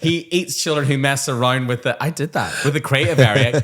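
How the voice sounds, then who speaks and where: A man in his thirties, a teacher co-hosting a chat show, telling lively stories and acting out classroom voices. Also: mid-range voice, a little fast. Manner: animated storyteller, acts out classroom voices. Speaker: podcast co-host, teacher. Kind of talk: casual chat.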